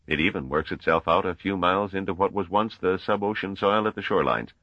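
Guy doing a friendly but sly stranger, super deep husky voice, dry dull sound. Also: fast, dry recording. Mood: explaining. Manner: chatty, knowing. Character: genial but shrewd middle-aged man, chatty.

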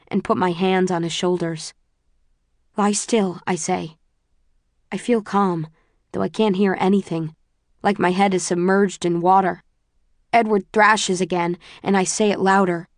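A woman narrating a first-person audiobook in a measured, subdued way. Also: medium pitch, no echo, studio quality.

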